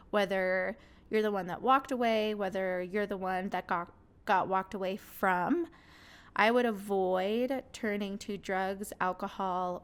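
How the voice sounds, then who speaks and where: A woman's voice: medium pitch, clean tone. A young adult woman hosting a podcast and speaking candidly and earnestly about her own experiences, with a laugh here and there. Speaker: podcast host. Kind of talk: personal podcast monologue.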